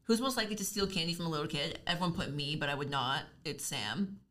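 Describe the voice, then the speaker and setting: A young woman co-hosts a podcast in a loose, casual chat. Her voice sits a little low, and she is blunt and swears freely while retelling stories. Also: fast, fairly bright tone. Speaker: podcast co-host.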